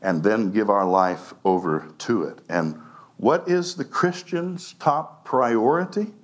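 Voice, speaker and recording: A man preaching a sermon as pastor, animated, laughing often and acting out quoted lines. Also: lowish voice, takes it slowly.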